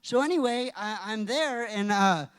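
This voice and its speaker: A teenage boy giving a youth-group talk, telling rambling, excitable stories. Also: sits high, a little slow, smooth. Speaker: youth speaker. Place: church hall. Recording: reverberant hall.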